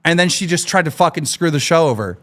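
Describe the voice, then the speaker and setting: A man hosting a live stream, ranting furiously with constant swearing and shouting. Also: fairly high pitch, expressive, quick pace. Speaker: show host. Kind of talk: angry live-stream rant.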